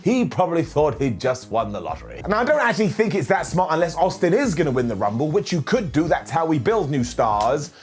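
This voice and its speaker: A man hosting a casual review show, talking in an animated, jokey and ranting way. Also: on the high side, a little fast, hardly any pauses. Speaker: host. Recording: faint background music.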